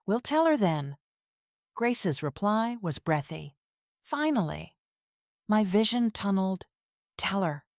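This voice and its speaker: Slow, low-voiced woman storyteller. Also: no echo, clean studio sound. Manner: measured, clipped dramatic phrasing. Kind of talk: scripted dramatic narration.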